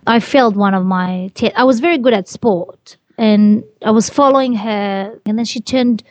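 A woman's voice: mid-range voice, normal speed, no echo. A woman telling her personal story as an interview guest, earnest and repeating herself as she goes. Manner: earnest, repeats phrases, restarts.

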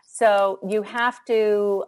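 An older woman answers interview questions about parenting in a calm, measured way. She pauses and uses fillers as she thinks through her points. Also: mid-range voice. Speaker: guest expert on parenting. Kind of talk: conversational interview.

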